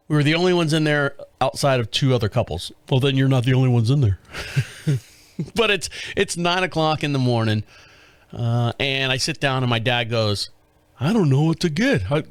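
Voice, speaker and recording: A man's voice: medium pitch, a bit bright, dry recording. A middle-aged man hosting a podcast, telling a casual story in a rambling way with restarts and chuckles. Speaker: podcast host.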